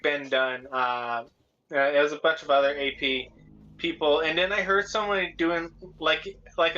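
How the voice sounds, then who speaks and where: A man's voice: fairly high pitch, sharp tone. A man co-hosting a casual chat, rambling with many fillers and laughing often. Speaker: podcast co-host. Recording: dull lo-fi sound.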